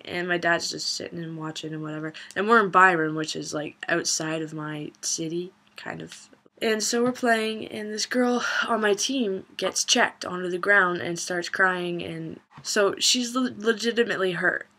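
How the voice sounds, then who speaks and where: A woman's voice: fairly low pitch, a little slow, pushed and bright. A young woman vlogging a funny personal story in a casual, chatty way, swearing and laughing as she goes.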